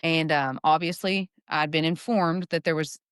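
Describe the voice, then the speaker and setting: A woman police officer co-hosting a podcast, thinking back over a case in a measured, relaxed way. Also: low-pitched, smooth, dry recording, studio quality. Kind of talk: casual podcast chat.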